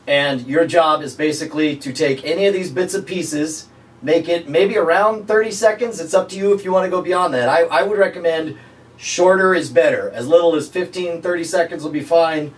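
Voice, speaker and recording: A man's voice: a little high, normal speed. Chill guy talking on a video set, easygoing, sounds a bit far from the mic. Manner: relaxed and chatty, with fillers and laughs. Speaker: performer and host recording lines. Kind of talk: casual setup talk on a video shoot. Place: indoor video set under studio lights.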